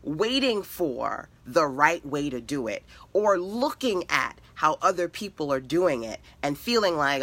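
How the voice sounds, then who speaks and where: A woman's voice: sits low, big pitch swings, slow pace. A middle-aged woman, a web designer and mentor, giving a motivational live-stream talk with emphatic, repetitive lists.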